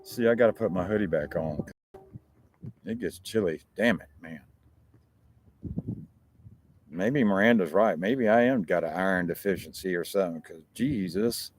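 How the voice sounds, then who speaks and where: A man's voice: sits low, normal speed, pauses often, a little hiss or hum. A man with an American accent, hosting a talk show and chatting casually to his viewers in a rambling, profane way. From United States.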